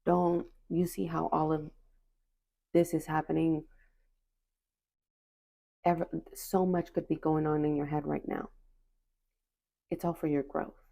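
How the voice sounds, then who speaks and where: A woman's voice: low voice, steady tone, normal speed, vocal fry, darkish tone. A woman giving a spiritual oracle card reading to her viewers, reassuring and encouraging in a casual, slangy way, often repeating phrases.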